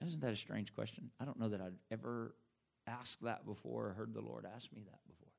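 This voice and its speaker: A man's voice: lowish voice, steady tone, fairly quick, gravelly. A middle-aged man preaching a sermon in an earnest, conversational way.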